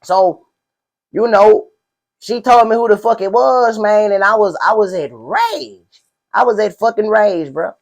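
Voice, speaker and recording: A man's voice: sits high, animated, measured pace, gravelly, heavily acted. A man playing a boastful streetwise pimp in a spoof interview, rambling in slang and constantly asking "you know what I'm saying". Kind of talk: comedic parody interview.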